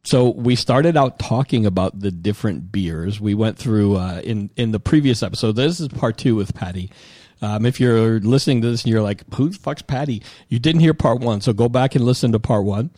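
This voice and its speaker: A man's voice: fairly low pitch, moderate pace, darkish tone, no room sound. A man hosting a podcast, chatting casually and loosely, swearing now and then, close to the mic. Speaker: podcast host. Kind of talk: casual chat. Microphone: close mic, eating near it.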